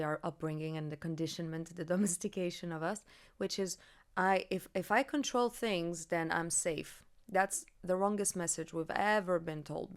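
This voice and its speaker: A woman hosting a podcast, talking earnestly and expressively in a reflective conversation, getting animated when she makes a point. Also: lowish voice, smooth. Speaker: podcast host.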